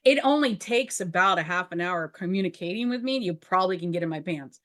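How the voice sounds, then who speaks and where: A woman's voice: on the low side, animated, fast talker, fairly bright tone. A woman co-hosting a podcast, talking frankly and casually, laughing often and acting out bits of dialogue. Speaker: podcast co-host. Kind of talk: casual candid chat.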